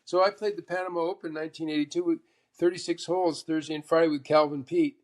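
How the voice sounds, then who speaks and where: A man in his sixties, a former tour golfer, chatting as a podcast guest and telling lively stories where he acts out other people's lines. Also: fairly high pitch, quick pace. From Canada. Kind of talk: casual interview chat.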